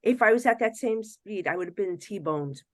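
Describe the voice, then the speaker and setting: A woman's voice: medium pitch, normal speed, no room sound. Chatty woman medium, dry close sound. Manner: animated, swings between hushed and excited; chatty with frequent "you know". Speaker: psychic medium guest. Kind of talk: casual podcast storytelling.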